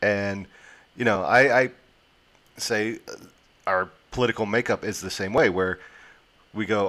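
A man in his forties talks in a slightly low voice during a relaxed discussion. He thinks aloud, trails off and restarts his sentences as he works his ideas out. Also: a little slow, pauses often. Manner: thoughtful, rambling with restarts. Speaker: podcast co-host. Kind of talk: casual discussion.

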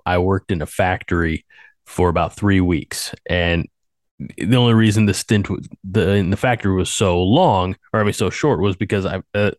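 A man's voice: sits low, dry recording, clean studio sound. A man hosting a podcast in casual chat, a bit congested, rambling and self-deprecating. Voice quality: congested, stuffy sinuses. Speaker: podcast host.

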